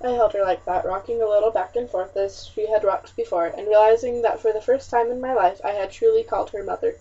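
A woman narrating a historical novel in the first person with a measured, expressive reading, on a muffled, slightly distant recording. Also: medium pitch, husky. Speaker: audiobook narrator.

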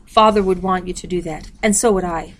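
A woman's voice: lowish voice, steady tone, fairly quick, a little hiss or hum, natural voice. A woman reading aloud, voicing a caring mother in a storybook. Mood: gentle. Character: caring middle-aged mother.

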